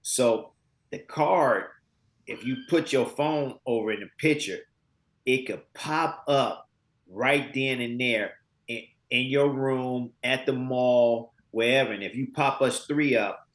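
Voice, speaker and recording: A man in his fifties speaks as an interview guest in a casual, storytelling way. His voice sits at a middling pitch. He acts out quoted dialogue and often repeats words while he gathers his thoughts. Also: takes it slowly.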